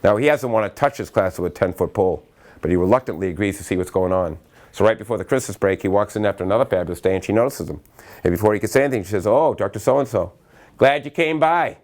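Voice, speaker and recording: Man, motivational speaker, animated storyteller, low voice, rapid pace. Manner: animated anecdotal storytelling, acts out quotes. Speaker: speaker at a staff training. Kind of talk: motivational talk.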